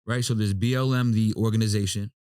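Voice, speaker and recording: A man's voice: fairly low pitch, fairly even intonation, quick pace, a little mellow, smooth, dry recording, clean studio sound. A man co-hosting a podcast, talking in a loose, slangy, laid-back way full of asides. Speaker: podcast co-host. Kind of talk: casual chat.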